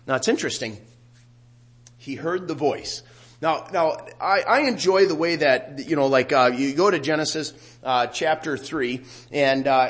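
A middle-aged man preaching a sermon, growing loud and animated when he quotes scripture. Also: mid-range voice. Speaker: pastor.

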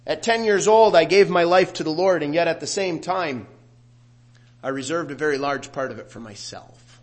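A middle-aged pastor delivers a sermon with a slightly raised pitch. He talks it through conversationally, then climbs in volume and intensity whenever he quotes scripture. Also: normal speed. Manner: animated preaching, rising loud on scripture quotes.

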